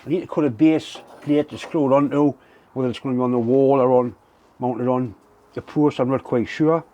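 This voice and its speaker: A man chatting casually to his viewers from a home workshop, candid and unhurried in the way he puts things. His voice sits at a middling pitch with a mellow, relaxed tone. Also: highs cut off. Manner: candid, plain-spoken, unhurried. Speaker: workshop vlogger. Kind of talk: casual chat to camera.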